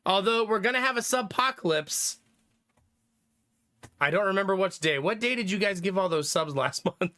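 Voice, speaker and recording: A young man talks loosely to his live-stream chat, thinking out loud and filling gaps with ums and likes. His voice sits a little high and sounds bright and forward. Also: animated, moderate pace. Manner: rambling, thinking aloud, frequent fillers and laughs.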